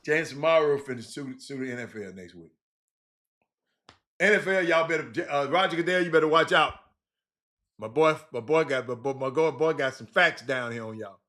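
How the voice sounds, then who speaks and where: A middle-aged man hosting a casual sports talk show, animated and repetitive, shouting out listeners by name. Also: a little high, normal speed.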